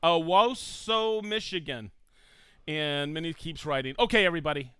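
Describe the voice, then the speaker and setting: A man's voice: fairly high pitch, expressive, normal speed, a bit bright, smooth, no echo. A man hosting a live stream, reading out viewers' hometowns with upbeat enthusiasm and frequent laughs. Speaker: livestream host.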